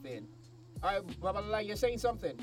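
Male host, high voice, playful, faint music behind. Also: quick pace. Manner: playful, animated, laughs often. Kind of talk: casual chat.

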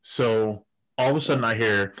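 A man with a somewhat low voice tells crude stories in casual podcast talk. He laughs often as he goes. He trips over his words and restarts his sentences. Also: normal speed, a bit bright. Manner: laughs often while telling crude anecdotes, many restarts. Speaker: guest storyteller.

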